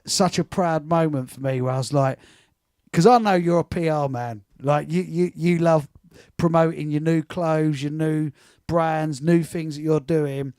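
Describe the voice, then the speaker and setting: A man's voice: on the high side, a little slow, darkish tone, smooth, no room sound, clean studio sound. A man hosting a music chat show, enthusiastic and often restarting his sentences. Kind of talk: casual interview chat.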